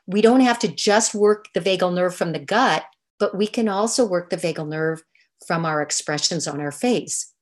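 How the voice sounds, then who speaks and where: An older woman giving an online lecture over slides, explaining in a soft, unhurried way. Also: lowish voice. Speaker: movement teacher.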